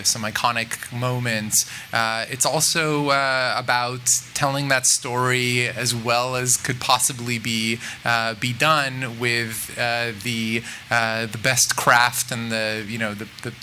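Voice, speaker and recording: A man, a film director, answering interview questions in a thoughtful, halting way, full of fillers and restarts. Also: medium pitch, sharp tone, a little hiss or hum. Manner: thoughtful, musing. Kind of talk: press junket interview.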